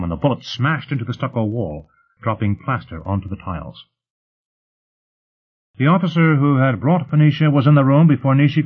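A man reading a novel aloud in an even, measured narration. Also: medium pitch, slightly rough. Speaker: audiobook narrator. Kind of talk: scripted narration. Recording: tinny phone-like sound.

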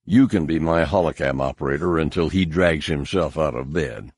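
A man's voice: very deep voice, moderate pace, darkish tone, husky, dry recording, studio quality, voice pushed down, full character voice. A man reading the part of a friendly pilot who jokes good-naturedly. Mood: joshing. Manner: joking.

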